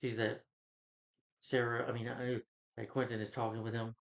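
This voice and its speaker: A man's voice: medium pitch, level tone, normal speed, gravelly. A man casually recapping TV episodes, rambling and retelling scenes with lots of filler phrases. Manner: rambling, retells dialogue with many "he's like" and "you know". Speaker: video creator recapping a TV season. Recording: slightly dull lo-fi recording.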